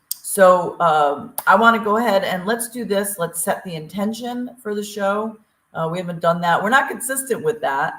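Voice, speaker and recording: A woman from Eastern Tennessee with a lowish voice co-hosts a talk show podcast in an echoey room. She's chatty and upbeat, using lots of fillers through a casual show opening and announcements.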